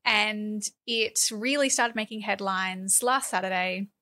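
An Australian woman co-hosting a political podcast, quick and sarcastic, with lots of fillers and restarts. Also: medium pitch, pushed and bright. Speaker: podcast co-host. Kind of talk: casual political chat.

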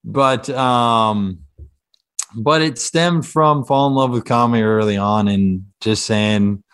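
A man's voice: medium pitch, slow, fairly bright tone, clean tone. A man in his thirties from Kansas chats as a podcast guest in a mid-range voice. He talks in a loose, self-deprecating way, dropping dry jokes between ums and uhs. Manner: self-deprecating, dry joking with hesitant fillers. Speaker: comedian guest. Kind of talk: casual podcast chat.

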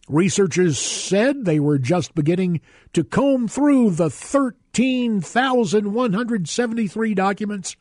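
A man's voice: high voice, darkish tone, dry recording. A man in his sixties hosting a talk radio show, telling stories with an emphatic delivery into a studio microphone. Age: 60s. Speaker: radio guest host.

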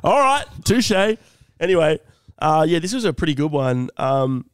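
A man's voice: a little high, sing-song, normal speed, clear, resonant tone, dry recording. A young man co-hosting a comedy podcast, reading out a listener's letter with jokey asides. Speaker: podcast co-host. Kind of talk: casual comedy podcast chat.

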